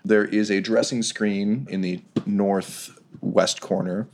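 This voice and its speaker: A man with a very low, deep voice runs a tabletop game as its game master. He describes rooms and events in a measured, descriptive way. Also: steady tone, darkish tone.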